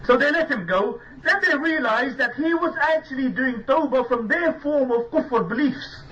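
A male preacher tells a sermon as a story, earnest and emphatic, and he drops Arabic religious terms. His voice sits very high and sounds bright. He is caught on a distant, dull-sounding mic with a faint hiss of ambience behind him. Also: moderate pace. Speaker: Islamic preacher.

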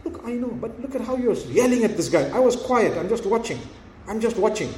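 A man preaching a sermon in a very high voice, telling stories and acting out each speaker. The sound is echoey, with a faint hiss behind it. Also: a little fast. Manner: storytelling, animated, acts out dialogue.

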